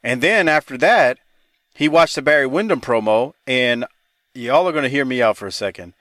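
Give me a male podcast host chatting casually, animated and bright, with a dry close mic. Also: medium pitch, moderate pace, no echo. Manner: laughing, animated, swears casually. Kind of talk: casual chat.

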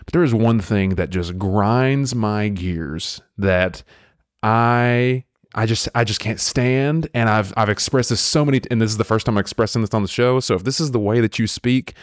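A man from the American South hosting a podcast, talking in a rambling, animated way with lots of restarts. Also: on the low side, dry recording, clean studio sound. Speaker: podcast host. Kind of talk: casual podcast chat.

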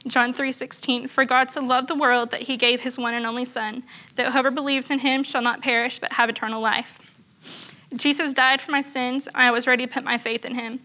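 A woman's voice: high voice, bright, forceful tone. A woman earnestly reading aloud a written faith testimony to a church group. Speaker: church member sharing testimony.

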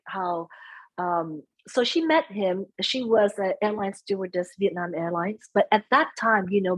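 A soft-spoken woman being interviewed, chatting casually and mixing in Vietnamese phrases. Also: mid-range voice, breathy edge, dry recording, rough recording. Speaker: interview guest. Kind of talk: casual conversation.

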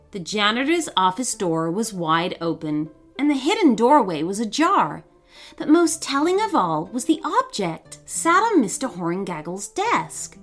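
A woman reads a children's story aloud with expressive, dramatic narration. Her voice is fairly high and moves a great deal in pitch, and soft music plays faintly behind her. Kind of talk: storybook reading.

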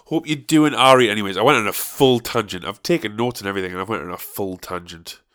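A man's voice: fairly low pitch, quick pace, a bit bright. A man hosting his own podcast, rambling casually, swearing freely and wandering off on tangents. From North East England. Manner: loose, sweary and meandering. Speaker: podcast host.

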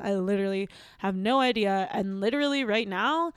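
A woman hosting a comedy game, excitable and gushing. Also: medium pitch, fairly quick, few pauses, smooth, no echo. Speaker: game host.

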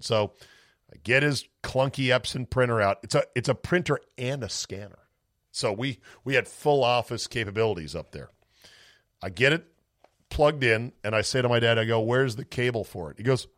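A man's voice: mid-range voice, normal speed, a bit bright, dry recording. Rambling male sports podcast host. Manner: rambling storyteller, acts out family voices. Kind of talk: casual podcast monologue. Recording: dry close-mic home office.

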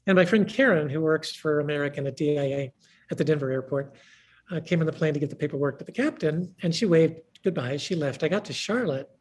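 A woman with a low-pitched voice talks fast as a guest speaker, telling stories in conversation. She's animated and acts out the quoted dialogue.

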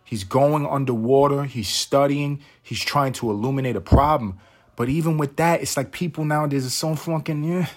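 Podcast host, male, husky mid-pitched voice, rambling and wry, swears freely. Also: moderate pace. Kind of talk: casual monologue. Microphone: podcast mic.

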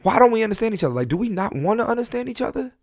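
A man hosting a solo podcast in casual, profane talk, animated, often restarting and repeating words as he rants. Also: high voice, racing, no room sound, clean studio sound. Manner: animated, repetitive restarts, profane, laughs at himself. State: high on an edible. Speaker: podcast host.

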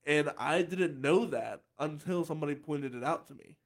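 A man's voice: a little high, normal speed. Chatty man with a light tenor voice. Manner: chatty, restarts often, laughs easily. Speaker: podcast host. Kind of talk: casual chat.

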